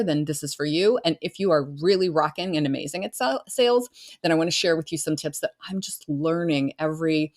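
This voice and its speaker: A middle-aged woman coach talking earnestly in a casual solo podcast, now and then acting out her clients' voices. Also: deep voice. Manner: earnest, warm-hearted, acts out clients' voices. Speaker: business coach and podcast host.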